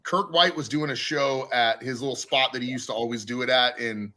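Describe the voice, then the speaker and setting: A man's voice: medium pitch, brisk, bright, forceful tone. A man telling a profane backstage story in casual podcast chat, laughing as he goes. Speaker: podcast guest.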